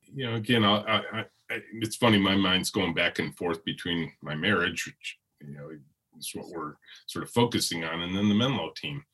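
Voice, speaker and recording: A middle-aged man, hoarse today, speaking as an interview guest in a reflective, rambling way with many restarts and fillers. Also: deep voice, normal speed, sharp tone.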